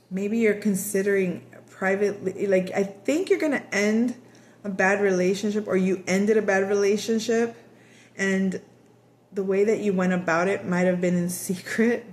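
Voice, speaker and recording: A woman giving a casual tarot reading, chatty and rambling, laughing often and acting out quoted voices. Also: medium pitch. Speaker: tarot reader.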